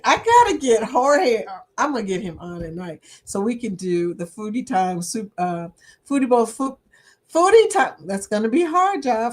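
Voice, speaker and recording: A woman's voice: mid-range voice, darkish tone. A woman hosting a casual livestream chat, laughing often and reading viewer comments aloud. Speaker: livestream host.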